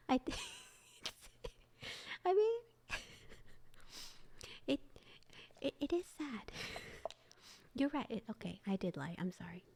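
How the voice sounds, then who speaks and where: A young woman streamer who reads short stories aloud in a soft, often whispered voice and chats between them with frequent giggles. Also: high-pitched, wildly swooping pitch, extremely slow, gravelly, pauses often. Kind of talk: soft whispered story reading and chat.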